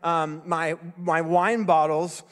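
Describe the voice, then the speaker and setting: Male pastor, sermon, relaxed storyteller with dry self-mocking humor, slightly raised pitch, echoey church hall. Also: slow pace, smooth. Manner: conversational storytelling with wry self-deprecating humor. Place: church sanctuary. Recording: echoey hall with long reverb.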